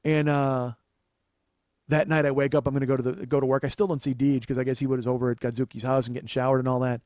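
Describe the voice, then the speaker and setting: A man in his forties tells a long comic story as a podcast host. His speech is rambling and profane, with sudden rants. His pitch sits mid-range and the recording is dry and close. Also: little pitch movement, fast talker, darkish tone, no room sound. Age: 40s. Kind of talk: storytelling monologue.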